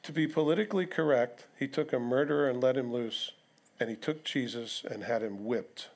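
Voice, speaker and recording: A man's voice: medium pitch, normal speed. A male pastor preaching an expository sermon, conversational, with rhetorical questions and asides to the congregation. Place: church sanctuary.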